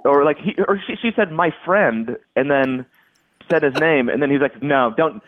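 A man's voice: fairly high pitch, a little fast, dry recording. Man on a tinny, phone-like line. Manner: rambling, many restarts and "like"s. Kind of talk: casual podcast chat.

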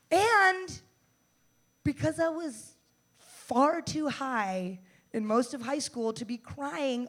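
A woman in her twenties from the United States performing a stand-up set, brash and profane, with loud bursts and mock-tough asides. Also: high voice, expressive, slow pace. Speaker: stand-up comedian.

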